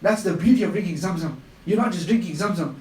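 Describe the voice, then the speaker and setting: Male religious speaker with a high voice, impassioned and repetitive, live radio talk in a roomy space. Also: quick pace, a little mellow, recorded from a distance. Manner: impassioned storytelling with emphatic repetition. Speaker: Islamic speaker on a radio show.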